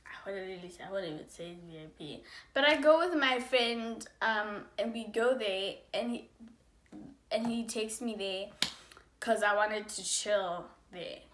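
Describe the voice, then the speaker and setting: A young woman vlogger telling a storytime tale in a casual, animated way, acting out her own lines. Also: mid-range voice, measured pace, roomy sound, a little hiss or hum. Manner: animated, acts out dialogue with big swings in loudness.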